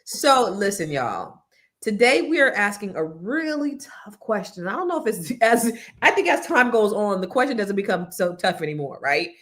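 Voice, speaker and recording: Lively chatty woman host. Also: mid-range voice, moderate pace. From California. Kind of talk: casual panel talk.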